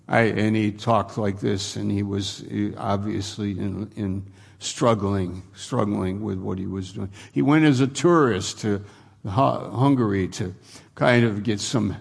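A man's voice: on the low side, measured pace, gravelly, slightly rough. A man pastor preaching a sermon, earnest and repetitive, building his points to emphatic preaching.

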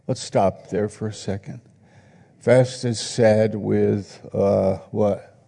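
Slow gravelly guy preaching a sermon, earnest, long echo in a church hall. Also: fairly low pitch, fairly even intonation, mellow. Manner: earnest, reflective, reads scripture aloud. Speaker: pastor.

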